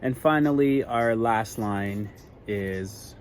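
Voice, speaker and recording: A man's voice: fairly low pitch, takes it slowly, slight background noise. A male teacher giving a recorded lesson to young children, speaking patiently with many ums and uhs and a bit of self-deprecating humor.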